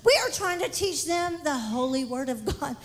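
A woman giving an exuberant missionary testimony in church, shouting praise and laughing often. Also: high voice, animated, moderate pace.

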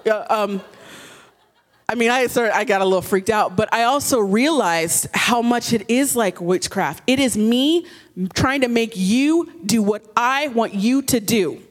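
A woman in her thirties giving a personal faith testimony at a women's gathering, candid and animated, with self-mocking humor. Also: a little high, unhurried.

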